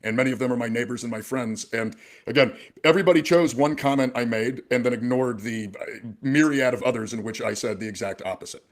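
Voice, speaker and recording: A man's voice: mid-range voice, fairly quick. A man from rural Maine, speaking as a political candidate, earnestly and defensively explaining his past comments. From rural Maine, USA. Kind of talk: answering questions in a played clip.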